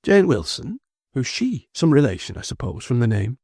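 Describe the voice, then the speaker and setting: A man's voice: mid-range voice, very animated, moderate pace, creaky, a little mellow, breathy edge, no echo, studio quality, voice pushed up, exaggerated voice. An idle male clerk trading offhand court gossip in a raised voice, voiced by a narrator. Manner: offhand, whispering aside.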